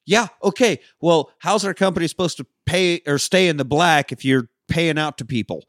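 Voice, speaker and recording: A man's voice: a little high, normal speed, dry recording, clean studio sound, pitched above the performer's own voice, natural voice. A man doing a petty, scolding boss. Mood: indignant. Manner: indignant, scolding. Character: petty, greedy little middle-aged male boss.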